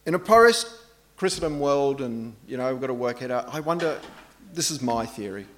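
A middle-aged man preaching a sermon in a relaxed, anecdotal way, poking fun at himself. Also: mid-range voice, normal speed. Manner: conversational, anecdotal, self-deprecating.

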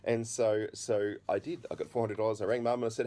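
A middle-aged man telling an earnest, halting testimony in a sermon, full of fillers and restarts. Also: lowish voice, flat delivery, dark tone. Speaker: preacher.

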